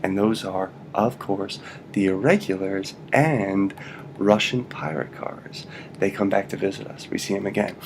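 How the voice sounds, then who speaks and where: Male language teacher, lowish gravelly voice, playful and jokey, faint background noise. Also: unhurried. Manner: playful, repeats "right?" constantly, jokey asides. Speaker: Spanish teacher. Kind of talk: casual video lesson.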